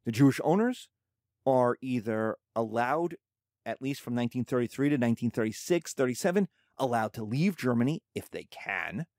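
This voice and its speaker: A man explaining history in a lively, conversational lecture with quick spoken asides. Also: medium pitch, dry recording, studio quality.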